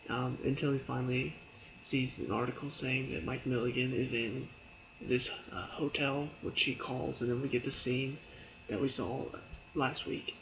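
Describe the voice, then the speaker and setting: A man's voice: mid-range voice, steady tone, normal speed, a bit bright, slight background noise, poor audio. A man casually reviewing a TV episode in a chatty way, with lots of fillers, breaking into laughs and acting out characters' lines as he retells scenes. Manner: briefly acts out characters' lines in quotes.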